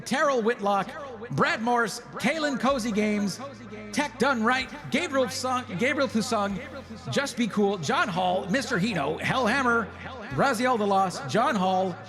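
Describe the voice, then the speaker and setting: Excitable high-voiced man hosting a stream. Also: over music. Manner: excited, reads names in rapid bursts. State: voice going hoarse. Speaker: livestream host. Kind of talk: live stream chat.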